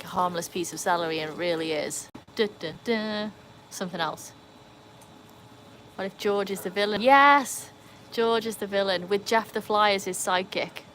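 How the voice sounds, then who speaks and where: There's a slight background noise as a British dog owner streams live from home through her phone. Her voice sits lowish with a bit of brightness, and she rambles casually through the chat, leaning on "like" and "um."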